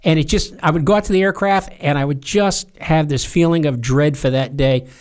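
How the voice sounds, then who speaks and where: A man's voice: on the high side, a little fast, darkish tone. An older man, a veteran helicopter pilot and podcast guest, telling stories in a plainspoken, reflective way with some hesitation. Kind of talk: casual interview storytelling.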